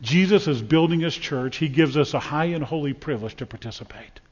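A man preaching a sermon from the pulpit of a church, emphatic and dramatic, swinging from loud declarations to hushed, solemn lines. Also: a little high, fairly quick, in a large hall, highs cut off. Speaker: pastor. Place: church sanctuary.

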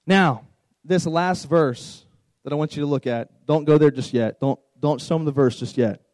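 A man's voice: a little high, normal speed, darkish tone, dry recording, low-quality recording. A man in his thirties preaching a conversational sermon to a youth group as their pastor, repeating words and joking with the room.

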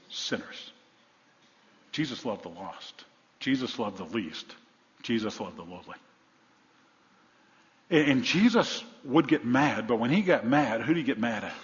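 Man preaching in a reverberant church hall. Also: mid-range voice. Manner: preaching with rhetorical questions, swinging from loud to hushed. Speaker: pastor. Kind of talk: sermon. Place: church sanctuary. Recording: dull lo-fi sound with long hall reverb.

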